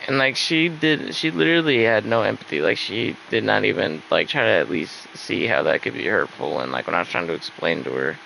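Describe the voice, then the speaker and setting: A man's voice: sits low, creaky, bright, forceful tone, a little hiss or hum, rough recording. A young man venting casually in a rambling, upset way, with lots of fillers and swearing. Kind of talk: casual venting while gaming.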